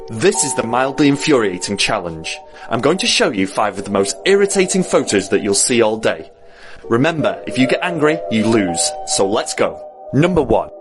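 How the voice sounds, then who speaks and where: Lively teasing man over music. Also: mid-range voice, normal speed. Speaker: challenge video host. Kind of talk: upbeat challenge narration.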